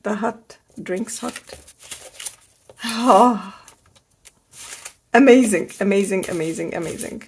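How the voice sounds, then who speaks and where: A woman's voice: mid-range voice, slow, creaky, breathy edge. A middle-aged woman hosting a crafting haul, gushing enthusiastically and repeating her praise as she shows items. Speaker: crafting channel host. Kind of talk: casual product haul show-and-tell.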